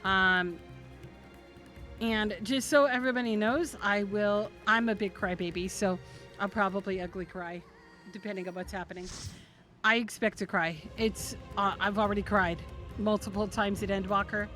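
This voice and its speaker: A woman's voice: mid-range voice, fairly even intonation, moderate pace, a bit bright, faint music behind. A young woman chatting earnestly with her viewers while streaming a game. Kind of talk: casual live-stream chat.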